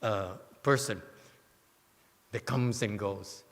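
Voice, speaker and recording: A man's voice: lowish voice, slow, a bit bright. A man giving a Buddhist sutra commentary as teacher, who keeps checking in with "okay?" and teases his listeners. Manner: playful, teasing asides to listeners. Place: temple lecture hall. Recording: long hall reverb.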